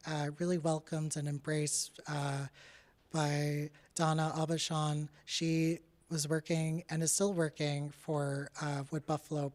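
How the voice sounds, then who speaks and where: A young adult artist from Canada talks through their own work in a loose, candid presentation. The delivery is chatty and full of "like" and "uh", with a laugh slipping in from time to time, and the pitch sits at a middle level. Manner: candid and chatty, with frequent "like" and "uh" fillers; laughs now and then while speaking. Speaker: artist giving a talk. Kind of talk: casual presentation about their artwork.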